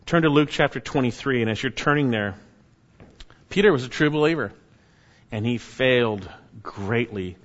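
A man's voice: medium pitch, lively intonation, moderate pace, pauses often, dull audio. Earnest male preacher in a reverberant hall. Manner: reads scripture aloud, then explains it earnestly. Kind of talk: expository sermon.

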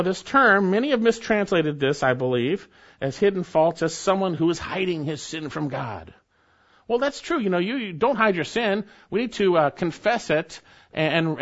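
Preacher, male, earnest and emphatic; muffled lo-fi recording. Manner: earnest, emphatic, drops to soft low phrase endings. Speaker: pastor. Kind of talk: expository sermon. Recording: dull lo-fi recording.

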